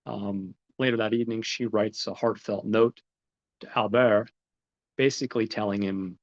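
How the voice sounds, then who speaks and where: Low-voiced man rambling through a plot recap. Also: steady tone, normal speed. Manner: rambling, lots of "he's like" quoting. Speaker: podcast host. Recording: dull lo-fi recording.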